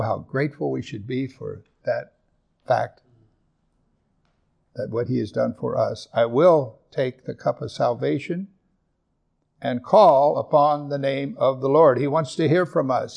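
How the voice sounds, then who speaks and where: A man pastor preaching a sermon, earnest, repeating and slowing down on scripture verses for emphasis. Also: medium pitch, gravelly, muffled recording.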